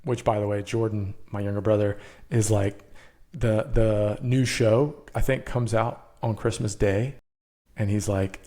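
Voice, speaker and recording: A man co-hosting a podcast in casual chat, excitable and quick to laugh. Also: lowish voice, creaky. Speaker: podcast co-host.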